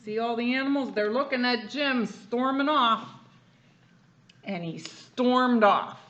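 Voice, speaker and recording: In a slightly high voice, a woman slowly reads a picture book aloud to a child, describing the pictures with lively energy as she goes. The recording sounds muffled.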